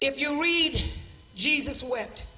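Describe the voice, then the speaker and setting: A woman preacher delivering a revival sermon in a large church, shouting in an emphatic preaching cadence. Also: sits high, takes it slowly. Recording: roomy echo, distant mic, faint music.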